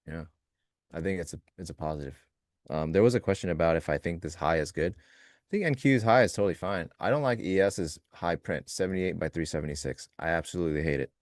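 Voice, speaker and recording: A man co-hosting a live trading stream, talking in a loose, joking way and thinking out loud in fragments. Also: low voice, fairly quick, no room sound, studio quality. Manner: loose, joking, talks through ideas in fragments. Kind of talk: casual live-stream chat.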